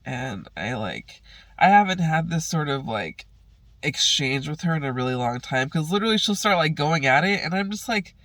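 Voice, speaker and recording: A man's voice: on the high side, expressive, normal speed, bright, forceful tone, dry recording. A young adult man venting in a heated, profane monologue, sighing often between his words. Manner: profane, heated ranting with sighs. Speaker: vlogger.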